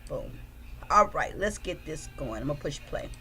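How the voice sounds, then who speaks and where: A woman, chatting casually as host of a livestream, greeting viewers by name in an animated way. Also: low-pitched, moderate pace, faint music behind. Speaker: livestream host commenting on trial footage.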